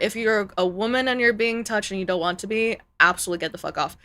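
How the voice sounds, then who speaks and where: A woman's voice: medium pitch, fast, sharp tone. A woman streamer in casual live-stream chat, ranting heatedly and swearing freely.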